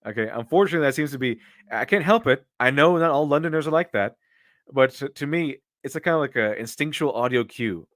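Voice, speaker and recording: A man's voice: medium pitch, expressive, fast, fairly bright tone, dry recording, studio quality. A man doing casual live-stream commentary and answering viewer donations, with rambling, opinionated talk full of restarts.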